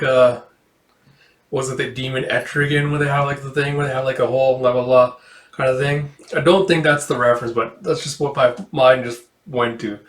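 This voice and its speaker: A man's voice: mid-range voice, a bit bright. A man reading a comic book aloud in a casual way, adding profane asides. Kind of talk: casual comic read-through. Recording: echoey room.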